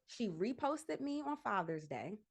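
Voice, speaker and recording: A woman's voice: mid-range voice, sing-song, measured pace, gravelly, husky. A woman guest on a casual podcast chat, emphatic and repeating her points for effect.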